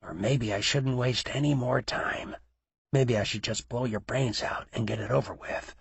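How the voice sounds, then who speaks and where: A man voicing a cold, cruel male mob boss who taunts in a low voice that he rarely raises. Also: moderate pace, gravelly, husky, no room sound. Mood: menacing.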